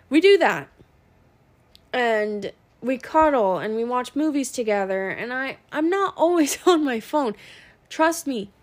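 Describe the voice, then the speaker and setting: Slow-talking blunt young mom. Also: female voice, on the high side. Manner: blunt, profane, venting. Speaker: working mom podcaster. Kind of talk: casual monologue.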